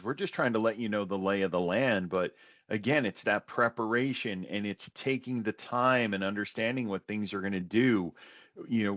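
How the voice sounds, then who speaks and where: Low-voiced man hosting a webinar, dull dry sound. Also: no room sound. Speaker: webinar host. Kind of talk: casual webinar conversation.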